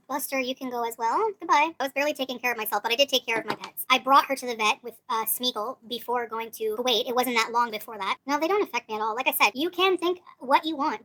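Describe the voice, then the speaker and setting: A woman's voice: on the high side, a bit bright. A woman livestreaming in casual chat, talking defensively and dismissively, often trailing off.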